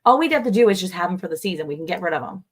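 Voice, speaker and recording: A woman's voice: on the low side, lively intonation, very fast, a loud crowd. Woman, livestream co-host, casual chat, talkative, greets viewers. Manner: chatty, reads out viewer comments.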